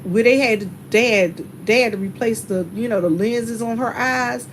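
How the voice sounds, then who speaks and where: A woman vlogger tells a story in a chatty, casual way and calls her viewers y'all. Her voice sits a little higher than most women's, and she laughs easily as she talks. A steady hum runs behind her. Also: normal speed, low-quality recording.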